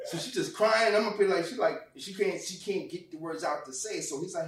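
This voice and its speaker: A man telling a personal story in casual conversation, animated and profane, acting out what people said. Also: high-pitched, a little fast, echoey room, recorded from a distance. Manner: animated, profane, acts out quotes loudly. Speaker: guest.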